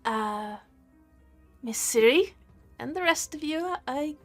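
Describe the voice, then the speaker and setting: A woman's voice: high-pitched, expressive, takes it slowly, soft background music, voice pushed up, full character voice. A woman voicing a polite, anxious young woman who hesitates and speaks formally.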